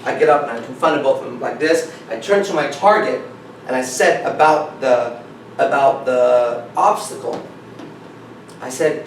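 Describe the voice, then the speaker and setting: A dating coach tells a story with emphasis, acting out both sides of the conversation and repeatedly saying "I said." His voice is mid-range and moderately paced, in an animated storytelling style. He sits away from the mic in an echoey room, with a little hiss or hum.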